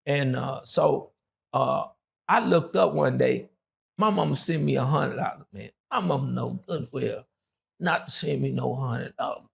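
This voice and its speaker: A man's voice: mid-range voice, measured pace. A middle-aged man, an interview guest and former prisoner, telling his story in a loose, rambling way full of fillers. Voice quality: gravelly.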